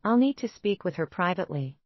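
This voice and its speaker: A woman narrator voicing a calm, smooth, confident male lawyer. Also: on the low side, fairly quick, no room sound, highs cut off.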